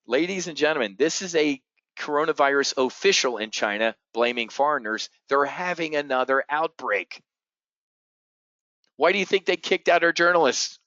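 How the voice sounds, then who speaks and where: A man hosting a live trading show, talking bluntly and profanely in a loud-and-quiet rant to his viewers. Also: fairly high pitch, animated, moderate pace, dry recording. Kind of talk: live-streamed market commentary. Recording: dull lo-fi stream audio.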